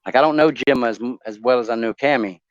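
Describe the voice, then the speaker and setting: Guy rambling about his family, lots of ums and cussing, crisp voice, kinda muffled mic. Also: medium pitch, quick pace, no room sound. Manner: rambling, with many ums and restarts, swearing. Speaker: talk show guest. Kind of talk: casual live-stream chat.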